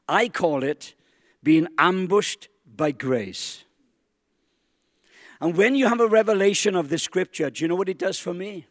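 A pastor delivering a sermon in a large church hall, emphatic, with dramatic slow stresses. His voice sits high for a man, and the long reverb of the hall trails after it. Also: clean studio sound.

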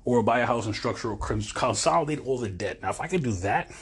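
Speaking fast and animatedly at a medium pitch, with a breathy edge, a podcast host in his forties paces while he rambles. He's chatty, keeps cutting himself off mid-phrase, and talks to his listeners as "folks."

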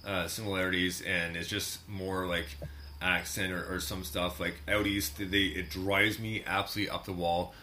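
Guy chatting on a call, bright tone, faint noise behind. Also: deep voice, moderate pace. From Canada. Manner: animated, laughing, ranting about slang. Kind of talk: casual chat.

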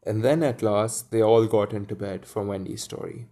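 A man reading a children's story aloud, pausing to muse and comment on it. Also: fairly low pitch, fairly even intonation, warm tone. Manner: muses aloud between passages. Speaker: reader.

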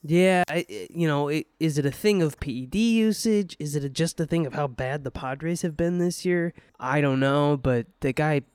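Higher-voiced man, opinionated podcast co-host. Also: moderate pace, hardly any pauses, darkish tone, clean tone, no echo. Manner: opinionated, self-deprecating, hedging with fillers. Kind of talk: casual sports chat.

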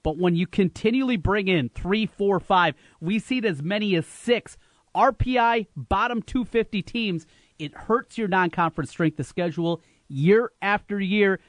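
A man's voice: sits high, normal speed, no echo. A man hosting sports talk radio, arguing his points emphatically from a studio. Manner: animated, emphatic, opinionated.

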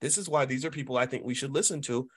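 A middle-aged man hosting a casual commentary monologue, emphatic and repetitive, often asking "right?" and jumping into high voices to mimic people. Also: quick pace, a bit bright, slightly rough. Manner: emphatic, repetitive, tag questions. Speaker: host.

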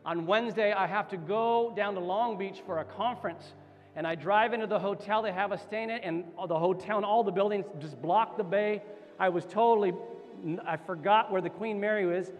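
A man's voice: high voice, moderate pace, in a large hall, muffled recording. A man preaching a sermon as pastor, telling a story and building to fervent exhortation.

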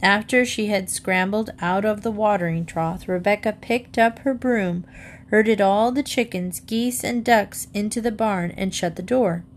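A woman reads a children's book aloud in a lively storytelling voice. Her pitch sits in the middle range. A faint hiss runs under the recording. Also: a little slow. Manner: lively storytelling, raises pitch for the girl's lines. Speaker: reader.

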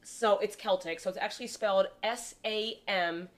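A young woman chats on a podcast about a holiday's history, and she laughs easily. She fills her talk with "like", at an everyday pitch. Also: moderate pace. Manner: chatty, laughs often, many "like" fillers. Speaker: podcast co-host. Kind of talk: casual chat.

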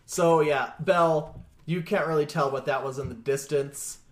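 A man narrating a tabletop game as its game master, his voice sitting a little high. He tells the scene in a relaxed way, tossing in chuckles and little sound effects, and the room around him rings with echo. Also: moderate pace. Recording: echoey room.

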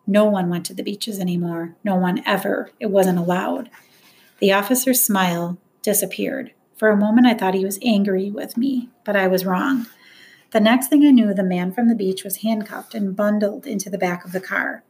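A woman reading a first-person novel aloud as an audiobook narrator, earnest and measured. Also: medium pitch, fairly even intonation, gravelly, darkish tone.

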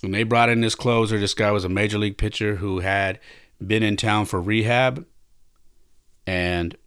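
A man's voice: fairly low pitch, fairly even intonation, normal speed, a bit bright, smooth, no room sound, clean studio sound. A man hosting a podcast, retelling a story in an emphatic, conversational way with frequent restarts. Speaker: podcast host. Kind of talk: casual storytelling.

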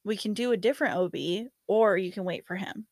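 A woman's voice: mid-range voice, brisk, a little mellow, no echo, studio quality. A young woman telling a long personal story in casual chat, laughing often and acting out what others said. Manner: laughing storyteller, lots of fillers, acts out quotes.

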